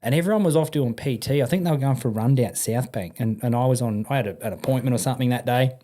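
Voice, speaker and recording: A man's voice: medium pitch, fast talker. A middle-aged Australian man, a podcast guest, telling casual stories and acting out the people in them, often laughing. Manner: animated, acts out voices in anecdotes, laughs often. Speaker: podcast guest, army and police veteran. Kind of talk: casual storytelling.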